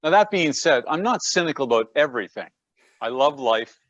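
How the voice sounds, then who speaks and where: A man's voice: fairly high pitch, animated, brisk, fairly bright tone, no echo, highs cut off. Chatty Canadian man on a call. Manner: chatty, self-deprecating, repeats words at starts. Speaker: guest, personal trainer. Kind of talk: casual conversation. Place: home gym studio.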